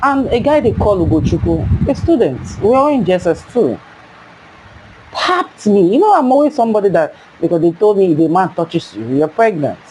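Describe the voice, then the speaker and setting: A young Nigerian woman telling a personal story in a casual, animated way, jumping up into high cries as she acts out her younger self. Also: normal speed, slight background noise, poor audio.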